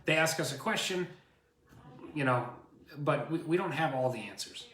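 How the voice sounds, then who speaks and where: A man's voice: fairly high pitch, moderate pace, echoey room. A man co-hosting a casual show, rambling through stories as a realtor. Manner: animated, rambling storyteller. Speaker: co-host, realtor. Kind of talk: casual chat.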